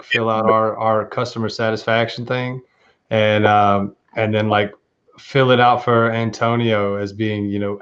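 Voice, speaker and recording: A man's voice: on the low side, a bit bright, lo-fi sound. A man, podcast co-host, in casual chat with a laid-back, joking manner.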